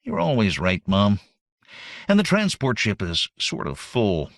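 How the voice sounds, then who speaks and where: A man voicing a brisk, eager young male robot son who talks quickly and matter-of-factly. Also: fairly low pitch, huge pitch swings, no echo, clean studio sound, pitched below the performer's own voice, exaggerated voice.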